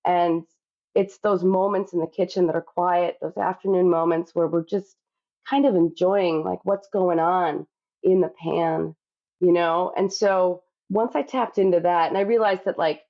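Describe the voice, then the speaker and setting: A woman's voice: fairly low pitch, steady tone, measured pace. Woman author chatting on a podcast, lots of you knows, kinda dull lo-fi audio. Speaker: guest cookbook author. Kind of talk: podcast interview.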